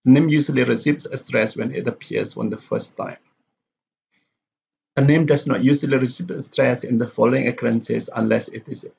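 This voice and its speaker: Gravelly-voiced man lecturing on pronunciation. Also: medium pitch, a little mellow. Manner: methodical, repeats example sentences slowly with exaggerated stress. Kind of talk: recorded lecture. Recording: dull lo-fi recording with faint background hiss.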